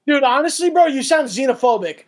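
A man's voice: extremely high pitch, expressive, fairly quick. A man as a guest in a casual chat over a call, laid-back and teasing, full of dude and bro.

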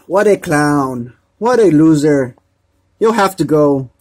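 A man's voice: a little high, lively intonation, slow pace, darkish tone. A man reading a storybook, voicing a bossy, scornful female hen with a jeering, scolding manner. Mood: mocking.

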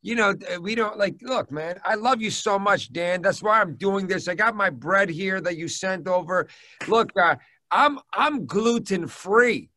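A man's voice: sits high, unhurried, bright, forceful tone. A man, a comedian guest, teasing and bantering in a casual joking chat.

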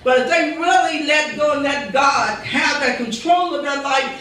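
In a church sanctuary, a female pastor delivers a fervent sermon full of repetition and rhetorical quotes. She speaks at a moderate pace in a high, slightly bright voice, recorded from a distance with heavy church echo.

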